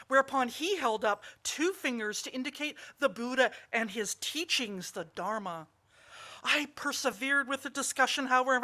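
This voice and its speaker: A woman's voice: high voice, pushed and bright. A woman voicing a humble, nervous monk. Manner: earnest, self-effacing. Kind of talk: storytelling in a service.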